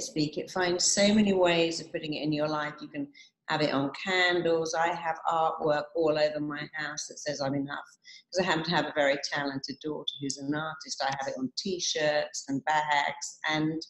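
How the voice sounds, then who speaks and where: Woman speaker, lowish voice, anecdotal motivational delivery, roomy echo. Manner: warm storytelling, quoting clients, repeating affirmations. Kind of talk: motivational talk.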